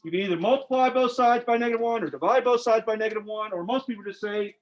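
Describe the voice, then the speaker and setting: A man's voice: high voice, fast talker, hardly any pauses. A man teaching algebra to a class, informal and joking, quizzing his students as he works through problems. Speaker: math teacher. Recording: dull lo-fi classroom recording.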